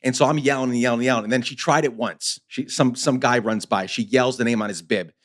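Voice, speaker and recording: A man hosting a podcast speaks at a mid pitch. He talks with passion and urgency, and his emphatic delivery keeps rising toward loud insistence. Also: quick pace. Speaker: podcast host. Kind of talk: casual conversation.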